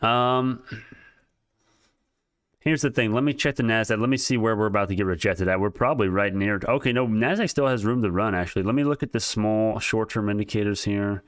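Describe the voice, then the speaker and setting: Excitable male streamer, low smooth voice, rambling market chatter straight to chat, dry close mic. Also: a little fast, no room sound. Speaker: stock market livestream host. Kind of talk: casual live market commentary.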